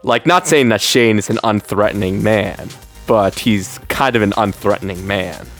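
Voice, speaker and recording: A man's voice: on the low side, moderate pace, faint music behind. A young man co-hosting a podcast in casual, joking chat, laughing often. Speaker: podcast co-host.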